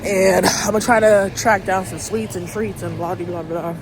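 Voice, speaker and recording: A woman's voice: medium pitch, steady tone, moderate pace. A woman from the United States vlogging in a casual, chatty way, talking straight to the camera with slang and laughs. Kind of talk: casual vlog. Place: outdoors on city streets and in shops. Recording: phone audio with street noise.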